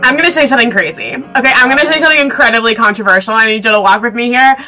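A young woman reacting to a movie in casual commentary, gushing and excitable, often laughing and swearing. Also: fairly high pitch, rapid-fire, faint music behind.

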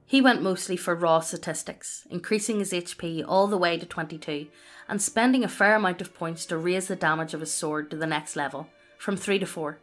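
A woman reading a personal story aloud as scripted narration, in a steady, even delivery. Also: fairly low pitch, a little fast, faint music behind.

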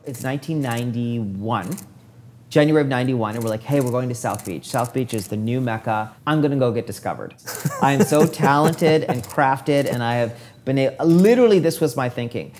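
A man's voice: mid-range voice, a little fast, slight background noise. A man in his forties, a hair stylist telling his career story in a casual interview, acting out what people said along the way. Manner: lively storyteller who acts out quoted dialogue.

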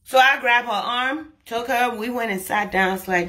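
A young adult woman from Liberia telling a comic personal story to camera, lively and acting out the quoted lines. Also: normal speed, few pauses. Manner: animated, acts out quoted lines with rising pitch and volume. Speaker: comedian storyteller.

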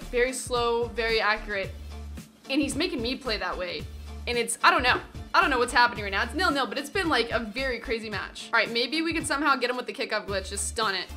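A woman giving live, excitable commentary on her own football video game match as a gaming video host, shouting at the players on screen. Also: high-pitched.

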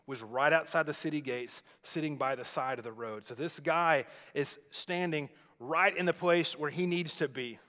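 A pastor preaching a sermon, retelling a scripture story in a conversational, explaining way. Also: male voice, fairly high pitch, a bit bright. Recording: long reverb of a large hall.

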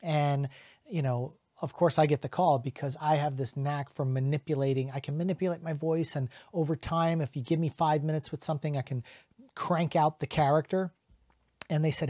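A middle-aged man who is a voice actor, chatting casually to camera in an animated way and slipping into quick character voices. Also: a little high, dry recording, studio quality.

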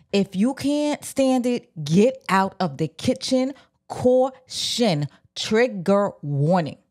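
A woman casually retelling an old scandal from a book, animated and slangy, talking straight to her viewers. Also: lowish voice. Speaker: book commentator. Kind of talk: casual storytelling.

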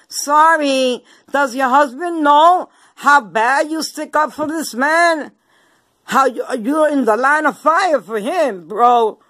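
A woman's voice: on the high side, a bit bright, dry recording. A woman ranting at her viewers in a confrontational, taunting way, full of swearing, slang and repeated lines. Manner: slang-heavy street talk. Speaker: vlogger. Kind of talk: angry rant to viewers.

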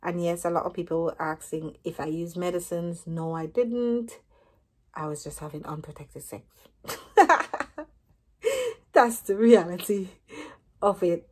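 Mellow-voiced woman vlogger telling a story. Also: lowish voice, normal speed. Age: 30s. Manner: lively retelling, acting out what each person said. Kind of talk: casual storytelling to camera.

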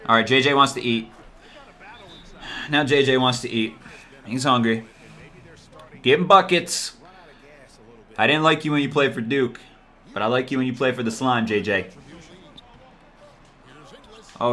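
A gaming YouTuber commentates live over his own basketball video game, cheering, groaning, and talking to the players on screen. He's excitable, swinging from muttering to himself between plays to yelling. His mid-range voice moves at normal speed with long pauses.

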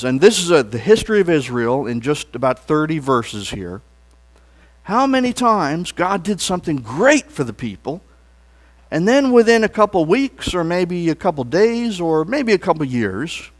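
A male pastor preaches with earnest energy and a lively pitch, calling out declarations for the congregation to answer in a church sanctuary. His sermon swells with emphatic rises and ends phrases on a soft trail.

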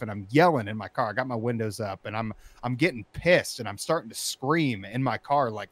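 Brief: casual man, low voice, swears freely, animated storyteller who turns loud. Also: brisk, no echo. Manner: animated, profane, rising to shouting when recounting anger. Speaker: storyteller in interview.

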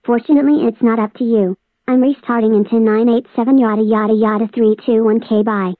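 A woman's voice: fairly high pitch, fairly even intonation, a little fast, no room sound, close to an everyday voice. A synthetic female text-to-speech voice playing a gloating villain who spreads a spammy operating system, taunting and threatening. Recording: dry tinny phone-like audio.

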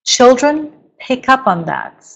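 A middle-aged woman coaching parents in a webinar lecture, explaining slowly and deliberately, with emphatic stresses. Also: sits high, big pitch swings, gravelly, a bit bright, rough recording.

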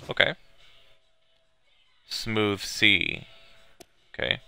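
A man's voice: sits low, a little slow, creaky, long pauses, pushed and bright, smooth, no room sound, soft background music. A man giving casual let's-play commentary, hesitating with many fillers and reading on-screen text aloud. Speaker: gamer playing a video game.

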